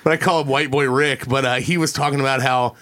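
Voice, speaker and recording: A man's voice: mid-range voice, steady tone, quick pace, a bit bright. A man hosting a podcast in casual chat, rambling and swearing, often breaking into laughter. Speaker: podcast host. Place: small room around a table.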